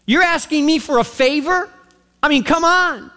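Man doing a sassy woman, sarcastic, high-pitched, mocking retorts, long hall reverb. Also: pushed and bright. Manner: mocking, incredulous, quick retorts.

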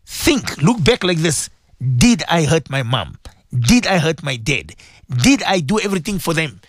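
A man's voice: on the high side, sing-song, moderate pace, fairly bright tone, no echo. A man hosting a morning radio show, talking in an emphatic, repetitive, preachy way. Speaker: radio host.

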